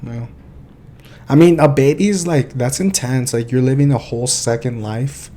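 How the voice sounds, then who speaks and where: A young man co-hosting a podcast, chatting casually and telling animated, profane stories. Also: mid-range voice, normal speed, a little hiss or hum. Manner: animated storytelling, swears freely. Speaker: podcast co-host. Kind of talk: casual chat.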